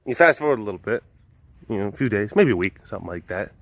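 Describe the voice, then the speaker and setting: A man's voice: fairly low pitch, animated, quick pace, a bit bright, no room sound. A man casually retelling old fables, rambling and full of filler words. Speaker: host. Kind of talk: casual storytelling.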